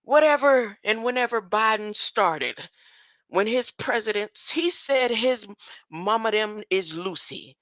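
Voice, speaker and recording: Older woman, rambling monologue, keeps saying huh, chuckles, bright voice, dry close sound. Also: fairly high pitch, animated, slow, dry recording. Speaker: online commentator.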